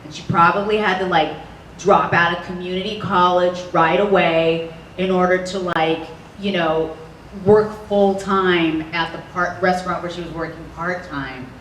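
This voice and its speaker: A woman's voice: on the low side, moderate pace, slight background noise. Bubbly woman in an echoey hall. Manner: animated, bubbly, laughs often. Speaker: voice actress, panel guest. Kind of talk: convention panel Q&A. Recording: echoey hall audio from a distance.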